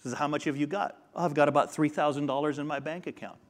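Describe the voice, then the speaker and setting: A man's voice: fairly high pitch, fast talker. A man preaching a sermon, explaining a parable and acting out the dialogue of a modern retelling. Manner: animated storyteller acting out dialogue. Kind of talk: sermon with storytelling.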